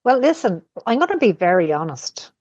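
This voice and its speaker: A woman speaking as a podcast guest in casual chat, candid and searching for words, pausing and restarting. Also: mid-range voice, sing-song, a little mellow, no echo, lo-fi sound.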